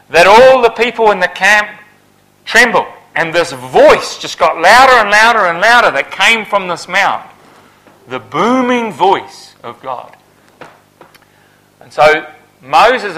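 The recording quality is low as a man preaches from the Bible. He builds up to loud, emphatic high points, then falls back into a quiet, low delivery.

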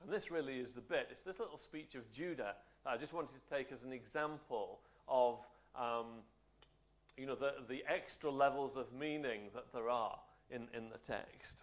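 A man's voice: mid-range voice, normal speed. A man teaching a Bible study in a conversational way, often checking in with tag questions.

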